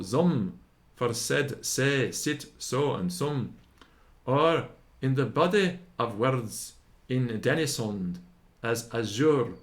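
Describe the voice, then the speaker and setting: Man reading a grammar lesson aloud, unhurried, sounds out every example word one by one. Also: mid-range voice. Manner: slow, deliberate, sounding out each example word.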